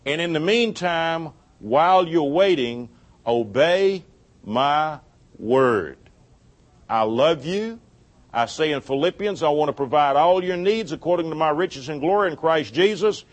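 A middle-aged man preaching a sermon, telling a personal story with lively quoted dialogue and laughing at his own jokes. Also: on the high side, unhurried.

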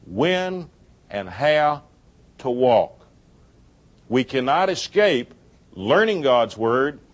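Here a middle-aged preacher recounts a personal anecdote in his sermon, voicing quoted lines vividly and laughing at his own humor. His pitch runs fairly high.

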